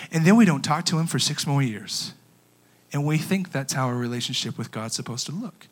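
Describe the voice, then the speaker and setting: A young male youth pastor delivers a sermon with lots of energy. His voice sits high and bright. He slows down for emphasis and swings between hushed and booming. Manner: animated preaching, swinging from soft to loud with emphatic pauses.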